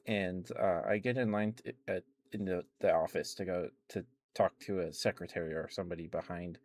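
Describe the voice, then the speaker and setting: A man's voice: lowish voice, darkish tone. A man telling a long dream story on an ASMR stream, rambling, laughing often and greeting his chat on a close mic. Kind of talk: soft-spoken chatty storytelling stream.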